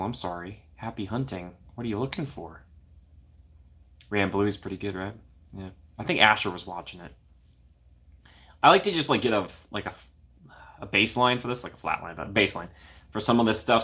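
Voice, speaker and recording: A young man with a fairly low voice chats casually on his own livestream. He reads viewer comments aloud and reacts playfully, laughing often between remarks. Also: a bit bright. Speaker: livestream host. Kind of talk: casual live chat reading comments.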